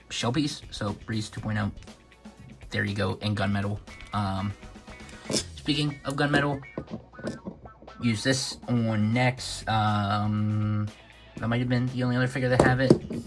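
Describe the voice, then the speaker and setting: A man's voice: medium pitch, fairly bright tone. Casual, rambling young man reviewing toys. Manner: rambling, many fillers and self-corrections. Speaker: toy reviewer.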